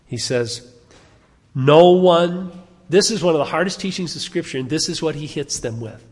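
Preacher, man, lively sermon delivery with questions to the room; slightly high voice, reverberant church hall. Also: fast, slightly rough. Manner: animated, rhetorical questions to the congregation. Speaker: pastor.

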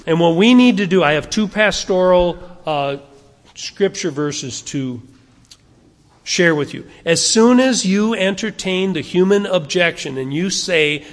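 In a large hall, a male pastor with a high voice preaches an earnest, conversational sermon, acting out the arguments people raise. At the close he softens and slows into prayer.

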